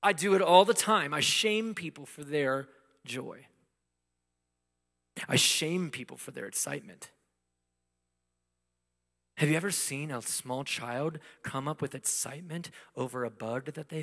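A man preaching a sermon in a conversational way, asking rhetorical questions and swinging between loud emphasis and hushed asides. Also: mid-range voice, creaky. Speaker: pastor. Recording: long hall reverb.

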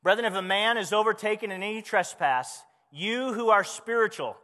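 A man preaching a sermon, his voice high and bright with a tense edge. He talks to the congregation conversationally, tossing out rhetorical questions. A long reverb hangs on his words as if in a large hall. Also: moderate pace, hardly any pauses. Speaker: pastor.

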